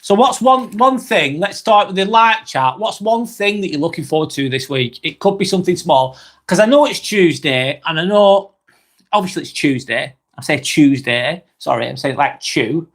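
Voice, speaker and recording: Relaxed man, slow live-stream chat. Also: a little high. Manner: slow, relaxed, rambling with many fillers and apologies. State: slightly under the weather, occasional cough. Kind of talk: casual live-stream chat reading comments.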